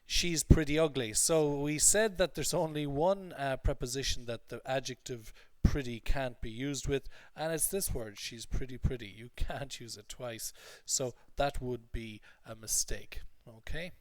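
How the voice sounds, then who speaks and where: A man's voice: mid-range voice, unhurried, hardly any pauses, dry recording. A man teaching English, explaining usage step by step and often checking in with "okay?". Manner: explanatory, repeats points, frequent "okay?" checks. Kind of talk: recorded lesson recap.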